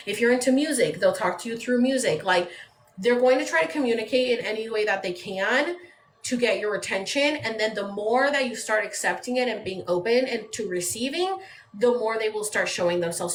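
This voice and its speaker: Livestreaming from home on her phone, a San Diego, California woman rambles in a conversational way, saying "like" a lot. She has a mid-range voice, and the phone mic records an echoey room with faint background noise.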